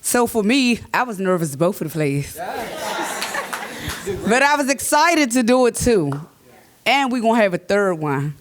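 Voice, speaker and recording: A woman's voice: fairly high pitch, big pitch swings, moderate pace, fairly bright tone. A woman speaking plainly and earnestly to a live audience about the plays. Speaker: panelist and stage performer. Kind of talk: casual speech to a live audience.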